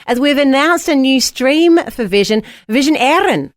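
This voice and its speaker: Lively, high-voiced Australian woman host. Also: moderate pace, dry recording, clean studio sound. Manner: enthusiastic, affirming, laughs often. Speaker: breakfast radio co-host. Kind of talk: morning radio chat. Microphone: studio mic.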